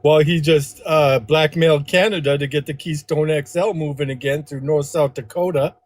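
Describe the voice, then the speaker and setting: A man's voice: a little high, fairly even intonation, moderate pace. A man calling into a live stream, rambling and talking over the host. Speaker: caller.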